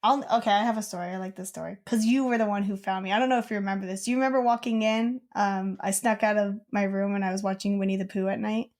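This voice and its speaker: A woman's voice: medium pitch, steady tone, quick pace, few pauses, darkish tone. A young woman co-hosting a podcast, telling a childhood story in casual chat, rambling with lots of "like.". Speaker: podcast co-host.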